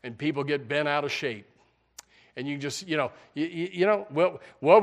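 A folksy preacher man delivering a sermon, his voice sitting a little higher than most men's. He talks plainly and casually, slipping into mocking impressions of the people he is describing. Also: normal speed. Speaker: pastor.

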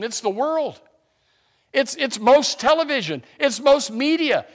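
A man preaching a sermon, swinging from quiet asides to loud, impassioned preaching, with halting restarts and repeated words. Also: very high voice, expressive.

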